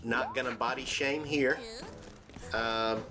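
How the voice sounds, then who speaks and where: A man's voice: fairly even intonation, slow pace. Joking man narrating gameplay. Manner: rambling and jokey, many fillers, sudden high-pitched exclamations. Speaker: gaming channel host. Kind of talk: let's-play commentary. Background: game music.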